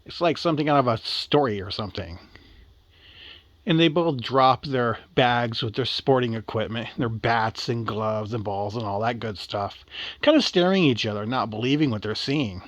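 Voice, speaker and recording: A man's voice: mid-range voice, normal speed, no echo. Casual rambling male storyteller.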